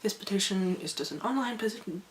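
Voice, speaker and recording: A woman vlogging to her viewers in a chatty, rambling, animated way. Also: mid-range voice, fairly quick. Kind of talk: casual talk to camera. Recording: echoey room, faint background noise.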